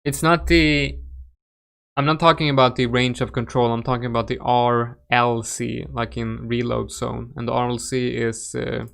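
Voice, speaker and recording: A young Swedish man with a Swedish accent hosts a casual crypto trading livestream, analyzing charts live. His mid-range voice is level, moderately paced, fairly bright, clear, and resonant, with vocal fry. He chats loosely and reacts to viewers, often restarting sentences and using frequent fillers.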